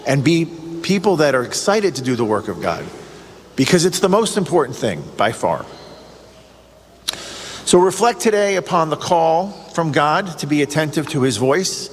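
A man preaching a sermon in an earnest way, asking the listener questions and growing excited. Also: fairly high pitch. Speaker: priest or preacher on a radio show. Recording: long reverb, faint ambient noise.

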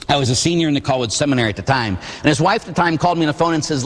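A man in his forties from Pittsburgh, a priest preaching a sermon with animated storytelling and acted-out voices. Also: on the high side, very fast, long reverb tail. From Pittsburgh, USA. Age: 40s. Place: church.

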